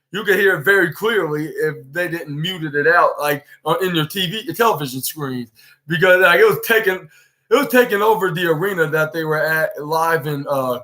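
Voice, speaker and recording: High, bright-voiced man recapping wrestling. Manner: rambling play-by-play retelling. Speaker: podcast host. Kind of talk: casual wrestling show recap.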